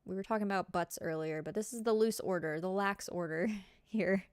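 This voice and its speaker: A woman's voice: medium pitch, brisk, clean tone, no room sound. A woman with a Southern US accent, a streamer chatting casually with her live viewers, giggly and full of fillers.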